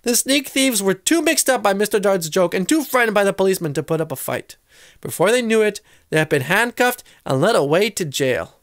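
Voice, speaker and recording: A man's voice: sits high, big pitch swings, a little fast, no echo, studio quality. A man reading a children's chapter book aloud, shifting his voice for each character. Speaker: reader. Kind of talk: storybook read-aloud.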